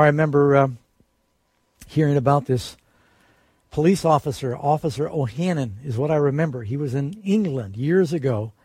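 A male preacher delivers a sermon with a husky, somewhat high voice. He speaks earnestly and lifts his voice when he quotes a promise. The sound is dry and close. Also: dark tone, no room sound.

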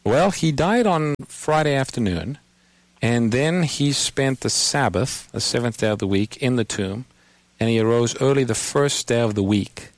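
A man hosts a call-in Bible program, walking a caller through scripture step by step. His voice sits at an ordinary pitch and reaches the listener dry and close, with no room around it. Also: moderate pace, dry recording. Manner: patient, explanatory, quotes scripture. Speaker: radio Bible program host. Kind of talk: call-in radio Bible answers.

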